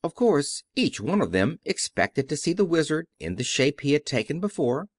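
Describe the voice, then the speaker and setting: A man's voice: fairly high pitch, sing-song, normal speed, dry recording, studio quality. A man reading a children's novel aloud as an audiobook narrator, telling the story expressively. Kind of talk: scripted narration.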